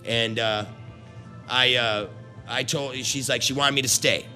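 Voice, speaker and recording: A former carnival worker, a middle-aged man, tells an unhurried casual story over faint music in a bright, forceful, mid-range voice with fairly even intonation. He swears all the time, speaks bluntly, and rambles, often restarting his sentences.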